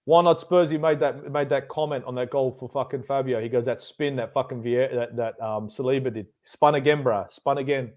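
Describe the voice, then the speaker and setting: A man's voice: medium pitch, brisk, hardly any pauses, darkish tone. A man co-hosting a live football watchalong, teasing his partner in blunt, sweary banter. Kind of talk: casual live match chat.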